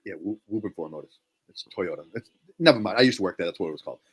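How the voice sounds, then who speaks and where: A man's voice: sits low, lively intonation, rapid-fire, slightly rough. A man telling a story on a casual podcast, blunt and profane, snapping back when teased. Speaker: podcast co-host.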